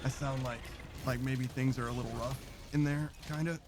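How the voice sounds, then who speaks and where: A man's voice: medium pitch, fairly even intonation, normal speed, darkish tone. Giggly man chatting while gaming. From United States. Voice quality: raspy in the morning. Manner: giggly, talks in restarts. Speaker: gaming video host. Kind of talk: casual chat while playing a game.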